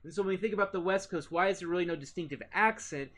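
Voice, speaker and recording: A man's voice: high voice, rapid-fire, a bit bright. An American man giving a casual recorded geography lecture, with many fillers and restarts. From United States. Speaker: teacher.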